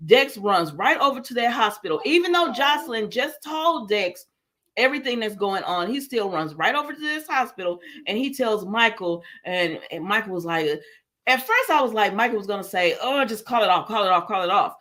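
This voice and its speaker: A soap opera review host runs a relaxed livestream, speaking in a very animated, mid-range, fairly bright voice at a moderate pace. She recaps the episode, quotes characters along the way, responds to viewer comments, and fills the talk with laughter and fillers.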